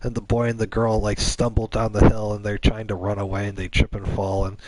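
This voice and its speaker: Rambling low-voiced male gamer. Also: completely flat delivery, fairly quick, a little mellow, dry recording, low-quality recording. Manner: rambling, many restarts. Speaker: gaming channel host. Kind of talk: rambling improvised storytelling.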